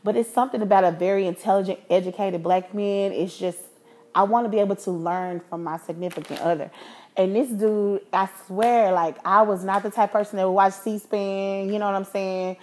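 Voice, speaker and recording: Woman, 30s, podcast host; frank, animated, swears freely; mid pitch. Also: fairly quick. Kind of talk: candid storytelling.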